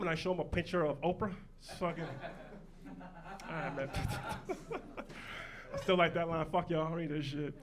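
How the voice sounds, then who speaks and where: A man performing a stand-up set in a comedy club, loud and profane, telling punchy stories. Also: a little high, normal speed, long pauses, crowd noise. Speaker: stand-up comic.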